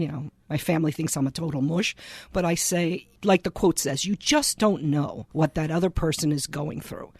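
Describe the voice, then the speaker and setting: Middle-aged woman, guest author, lively storyteller in a dry studio. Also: lowish voice, dry recording. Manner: animated storyteller who acts out voices in quotes. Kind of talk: storytelling in a casual interview.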